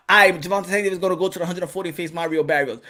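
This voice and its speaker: A man giving a casual, profane monologue as a boxing commentator, animated and laughing often, acting out voices. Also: sits high, very fast.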